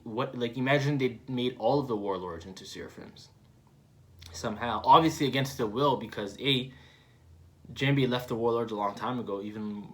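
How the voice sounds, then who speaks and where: A man hosting a live manga reaction, reading panels aloud and rambling through excited fan theories. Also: medium pitch. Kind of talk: live manga read-along and commentary.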